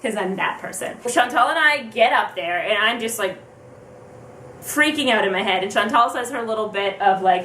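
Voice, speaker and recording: A young woman vlogger telling a story fast and excitedly, acting out her own thoughts as she goes. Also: on the high side, slight background noise. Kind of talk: casual storytelling. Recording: roomy, distant from the mic.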